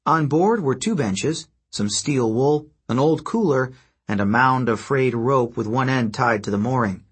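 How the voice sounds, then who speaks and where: Brief: husky male storyteller, mid-pitched, steady scripted narration. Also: unhurried. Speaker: audiobook narrator.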